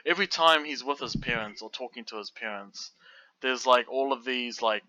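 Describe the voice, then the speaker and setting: A man's voice: moderate pace, no echo. A man co-hosting a casual film podcast, loose and full of fillers. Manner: loose and animated, many fillers, jumps high when mocking. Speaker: podcast co-host. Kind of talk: casual chat about films. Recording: dull lo-fi audio.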